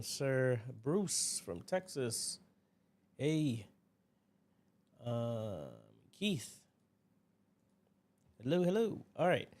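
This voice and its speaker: A warm, mid-range male voice comes through a desk mic at a computer as he hosts a laid-back livestream Q&A. He chats and rambles, naming viewers as he greets them.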